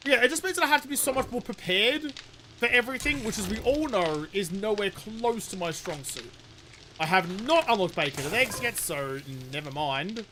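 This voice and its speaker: A man's voice: high voice, expressive, normal speed, background noise. A young man chatting casually while streaming a game, swearing freely and answering viewer questions. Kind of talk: casual live-stream chat while gaming.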